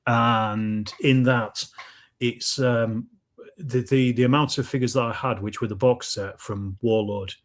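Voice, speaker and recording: A man's voice: mid-range voice, fairly even intonation, a little slow. A man co-hosting a podcast, chatting casually and hesitantly about his projects with many restarts. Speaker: podcast co-host. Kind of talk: casual chat.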